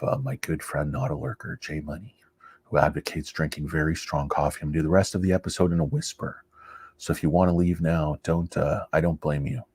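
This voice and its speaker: A man hosting a stock investing channel, giving casual, rambling market commentary in an excitable, self-mocking way. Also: very deep voice, breathy edge, dry recording.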